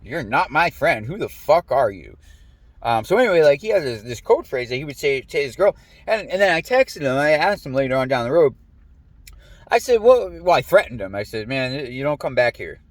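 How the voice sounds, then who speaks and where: A man rambling through a personal story, cursing freely and jumping up into a sharper voice whenever he quotes someone. His pitch sits in an ordinary middle range, and he talks in loose, looping sentences full of fillers. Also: moderate pace, no echo. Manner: profane, animated, quotes people in raised voice. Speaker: podcast host.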